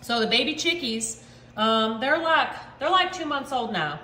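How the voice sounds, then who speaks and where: Casting: high, bright-voiced woman, chatty cooking host, echoey home kitchen. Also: expressive, measured pace. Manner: chatty and bubbly, says y'all often. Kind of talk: casual cooking chat to camera.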